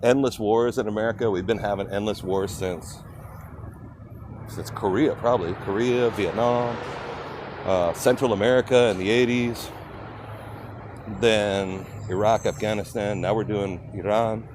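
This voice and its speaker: An older man with a lowish voice chats his way down a city street, streaming from his phone. His talk rambles from one thought to the next, with faint street sound behind him. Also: steady tone, a little slow, background noise. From California. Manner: rambling, chatty, reads out viewer names. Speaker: livestream host. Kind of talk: casual walking livestream chat.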